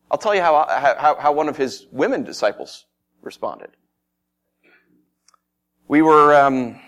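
A man preaching, telling a Bible story in first person as if he had been there, swinging from loud excitement to hushed tones and asking his listeners questions. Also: on the high side. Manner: addresses listeners directly with questions.

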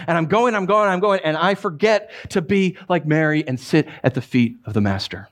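A man's voice: high voice, lively intonation, a little fast, few pauses, a bit bright. Playful conversational male pastor. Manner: conversational and playful, with self-deprecating humor; emphatic repetitions. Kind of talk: sermon.

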